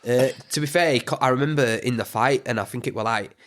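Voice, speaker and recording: A young man with a Yorkshire accent, a boxer chatting in an interview, halting and repeating his words. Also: mid-range voice, a bit bright. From England. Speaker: boxer guest. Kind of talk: casual interview chat.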